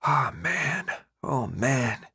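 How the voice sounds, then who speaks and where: A man's voice: mid-range voice, lively intonation, normal speed, dry recording, studio quality, lightly acted. A man voicing a tough, panicky teenage boy in an audiobook, harsh and snapping. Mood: scared. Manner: harsh, snapping, swings into despair. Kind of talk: audiobook character voice.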